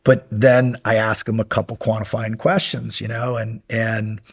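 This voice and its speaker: A man's voice: lowish voice, normal speed, husky. A middle-aged man, a podcast guest, telling long rambling stories in a casual interview and acting out the lines of people in them. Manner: rambling, animated, acts out quoted lines.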